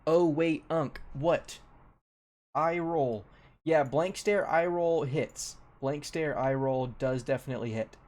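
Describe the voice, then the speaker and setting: Young male streamer, slightly high voice, casual repetitive commentary. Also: takes it slowly, darkish tone. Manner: repeats his phrases, loose and offhand. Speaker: streamer ranking a tier list.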